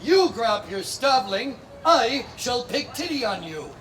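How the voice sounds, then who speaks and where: A man voicing an ugly old witch in a comic fairy tale told to a live crowd, yelling her bargain. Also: on the high side, sing-song, measured pace, distant mic, a little hiss or hum.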